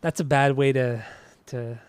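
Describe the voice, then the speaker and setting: A man's voice: medium pitch, fairly even intonation, a little slow, smooth, no echo. A young man hosting a podcast in casual chat, laid-back and teasing, often chuckling. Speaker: podcast host.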